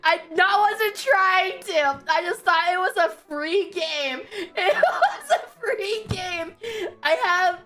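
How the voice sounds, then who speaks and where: A woman's voice: very high-pitched, expressive, takes it slowly, fairly bright tone. A young woman streamer telling a story in casual chat, giggling often and swearing freely, with faint music behind her.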